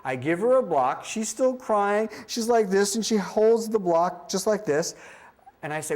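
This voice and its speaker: Speaking at a moderate pace in a high voice, a middle-aged man leads a hearing-screening training for children's cases. His demonstrations are story-driven, complete with imitated children and beeping sounds.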